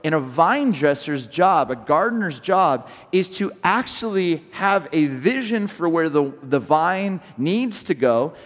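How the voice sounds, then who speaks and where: A man from Southern California preaching a sermon, telling stories in an animated way and often restarting his sentences. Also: a little high, unhurried, few pauses, in a large hall. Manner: animated storytelling with repeated restarts. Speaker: pastor.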